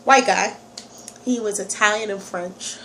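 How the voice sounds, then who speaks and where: A woman's voice: mid-range voice, unhurried, sharp tone, a little hiss or hum. A young woman from New York with a slight Southern country accent and a stuffy nose, chatting animatedly to her phone camera and digressing often. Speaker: vlogger. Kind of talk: casual talk to camera.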